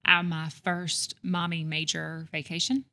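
A woman's voice: fairly low pitch, level tone, pushed and bright. A middle-aged woman speaking as a podcast guest in casual chat, earnest and reflective, talking through her answers. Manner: earnest, reflective, quick to list things. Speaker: guest, real estate executive.

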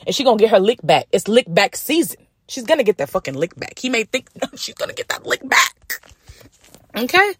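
A young adult woman hosting a podcast, gossiping in a profane, animated way and slipping into mocking quotes. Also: mid-range voice, no room sound. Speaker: podcast host. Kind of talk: casual solo podcast commentary.

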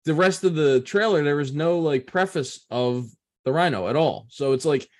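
A man's voice: a little high, animated, moderate pace. A man co-hosting a podcast in casual chat, blunt and exasperated. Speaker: podcast co-host.

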